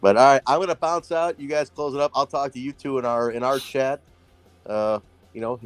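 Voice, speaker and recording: A man's voice: mid-range voice, fairly even intonation, fairly quick, no echo, faint music behind. A man co-hosting a casual late-night stream chat, laid-back and swearing freely, sometimes drawling. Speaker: podcast co-host.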